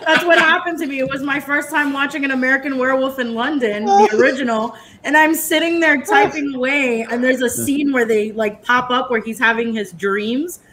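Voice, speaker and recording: Chatty higher-voiced woman telling stories. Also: brisk, hardly any pauses, a crowd in the background. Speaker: podcast panelist. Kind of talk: casual review chat.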